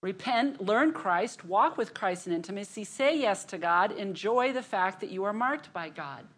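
A woman's voice: mid-range voice, moderate pace, husky. Chatty laughing woman leading a church group. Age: middle-aged. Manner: chatty, laughing often, animated storytelling. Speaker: women's group leader. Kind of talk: casual group announcements and prayer.

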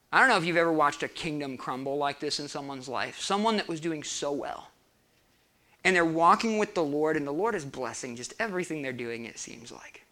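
Animated man preaching, bright voice. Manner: animated, acts out quoted voices with big pitch jumps. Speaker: pastor. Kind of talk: sermon.

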